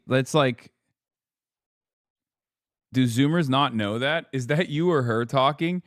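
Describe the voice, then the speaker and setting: A man's voice: medium pitch, measured pace, pauses often, no room sound, clean studio sound. A man streaming political reaction commentary, talking casually in a sarcastic, profane and mocking way.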